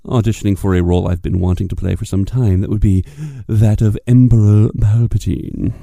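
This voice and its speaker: A man's voice: on the low side, steady tone, brisk, creaky, few pauses, dark tone, no echo. A man rambling jokingly as he introduces his audition. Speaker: voice actor auditioning. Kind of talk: casual audition chat.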